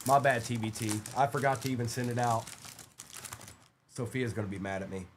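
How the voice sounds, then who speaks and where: A man's voice: medium pitch, fairly quick, a little hiss or hum. A man hosting a live-stream trading card break, chatting upbeat and casual while rattling off player names as he opens packs.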